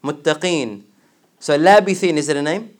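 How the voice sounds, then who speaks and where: A man teaching a religious class, explaining word by word and asking his students questions, with quick recited verses. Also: fairly high pitch. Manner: recites verses in rapid chant.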